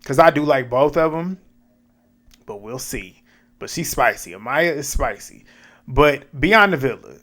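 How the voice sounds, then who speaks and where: A man talking through a reality-show recap in a relaxed, conversational way. His pitch sits in a middle range for a man. He retells scenes with animated quoted back-and-forth and throws in blunt asides. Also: measured pace. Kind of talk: casual recap commentary.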